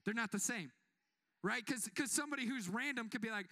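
A young pastor preaches in a conversational, joking style, repeatedly asking the congregation for amens. His voice is extremely high, brisk, and bright, with a forceful tone.

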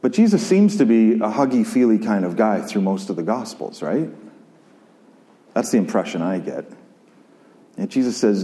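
A man delivers a sermon at an unhurried pace, his voice mellow and low in brightness. He reads scripture and reflects on it in a conversational way, circling back and repeating phrases. His words ring out with a long reverb, as in a church hall. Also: animated. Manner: reflective, conversational, with pauses and repetitions.

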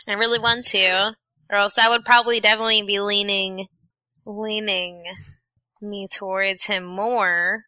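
Female podcast co-host, slow and chatty, very bright tone, dry close mic. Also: mid-range voice, little pitch movement, no echo, poor audio. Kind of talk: casual chat.

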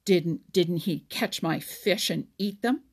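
A woman's voice: lowish voice, sing-song, unhurried, vocal fry, breathy edge, heavily acted. A woman reading a storybook aloud, voicing a sulky, hot-tempered young male otter who snaps and stammers. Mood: angry, snapping. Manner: snappish, stammering.

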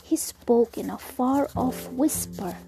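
A woman storyteller whispering her way through a narrative, each line soft and hushed. Her voice is slightly high yet very dark and mellow, unhurried, with faint music underneath. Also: vocal fry. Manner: soft, slow whispered reading.

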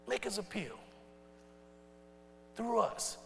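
A male pastor preaching a sermon in casual, folksy speech, asking the congregation questions and swinging from loud to hushed. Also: extremely high pitch, animated, moderate pace, creaky, pauses often, slight background noise. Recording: long reverb in a large hall.

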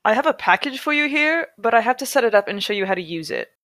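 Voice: medium pitch, sing-song, normal speed, husky, no room sound, voice pushed up. A woman voicing a smart young male delivery man in a laid-back California surfer drawl, read aloud in a comedy podcast. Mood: polite, breezy.

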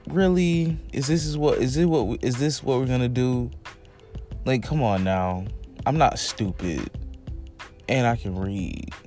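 A man hosting a casual solo podcast, talking loosely in slang with animated swings and cursing. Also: mid-range voice. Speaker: podcast host.

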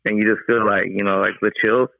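A man's voice: on the low side, flat delivery, fast, creaky, no room sound. A man calling in to a podcast, chatting casually and rambling with lots of fillers over a call line. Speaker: caller. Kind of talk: casual chat. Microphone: phone call. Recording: dull dry phone call.

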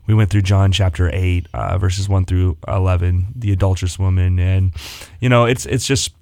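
A low-voiced man speaks as an assistant pastor on a church radio show. He talks earnestly and quotes scripture in a relaxed chat. The sound is dry and close. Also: moderate pace, no room sound. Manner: earnest, warm about faith, quotes scripture.

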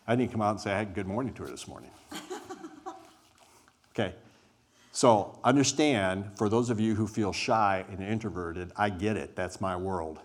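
Low-voiced guy running a group exercise, slow and emphatic, leans on his pauses. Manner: deliberate, emphatic, with weighted pauses; says he is an introvert. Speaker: group workshop leader.

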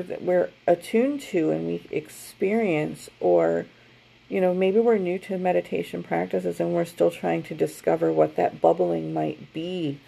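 This is a woman co-hosting a podcast, her voice low, warm and heavily gravelly. She chats loosely with plenty of fillers and restarts, then eases into introducing a guided meditation. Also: rough recording. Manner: chatty, rambling with many fillers. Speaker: podcast co-host.

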